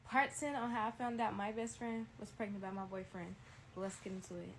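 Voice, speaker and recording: A young woman telling a story in a casual, blunt, animated way, talking straight to her viewers. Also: medium pitch, brisk, vocal fry, a little hiss or hum.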